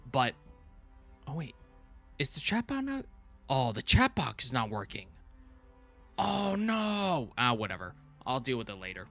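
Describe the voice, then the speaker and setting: A man hosting a casual livestream review, rambling excitedly and correcting himself as he goes. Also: mid-range voice. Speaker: channel host reviewing a TV show.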